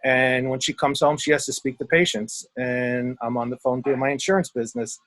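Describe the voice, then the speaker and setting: A man's voice: mid-range voice, a little fast, no room sound. Man, co-host, casual filler-heavy chat, dry close sound, video call. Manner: relaxed, chatty with filler words. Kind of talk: casual talk show chat. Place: outdoors at home.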